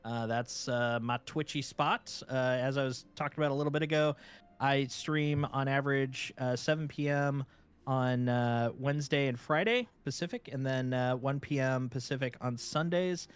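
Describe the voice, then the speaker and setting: A man who is a guest streamer in a casual chat, talking in a relaxed way with many filler words. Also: mid-range voice, normal speed, clear, resonant tone.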